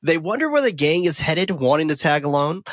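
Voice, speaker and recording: A man co-hosting a podcast, recapping a film in casual chat, excitable and swearing freely with lots of fillers. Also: on the high side, brisk, dry recording. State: caffeinated and talking fast.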